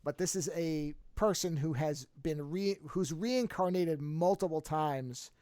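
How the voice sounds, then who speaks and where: A man's voice: a little high, measured pace, smooth, no echo. Dry-sounding rambling podcast host man. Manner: rambling, self-correcting, animated retelling. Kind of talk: casual chat about a TV show.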